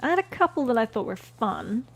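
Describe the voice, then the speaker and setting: A woman co-hosting a podcast in casual chat, trading dry, quick quips. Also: fairly high pitch, sing-song, slightly rough. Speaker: podcast co-host.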